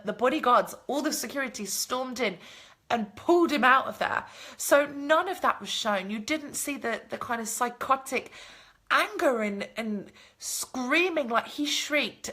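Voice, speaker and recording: Bright-voiced woman telling a story. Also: high-pitched. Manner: animated storytelling, swears freely. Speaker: vlogger answering viewer comments. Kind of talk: casual chat, live stream.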